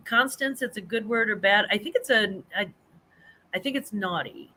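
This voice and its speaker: A woman's voice: mid-range voice, animated, a little slow, pushed and bright. Chatty woman hosting a live stream. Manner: chatty, rambling, laughs often, with fillers and restarts. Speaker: host of a live chat stream. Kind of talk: casual live-stream chat reading comments.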